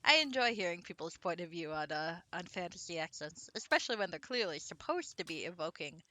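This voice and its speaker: A woman's voice: fairly low pitch, big pitch swings, a little fast, sharp tone. A woman game streamer chatting casually and giggling while she plays. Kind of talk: casual live-stream commentary.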